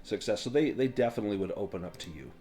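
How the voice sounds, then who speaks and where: A man narrating as game master of a tabletop role-playing game, in a casual, halting way with frequent fillers. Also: lowish voice, animated, mellow.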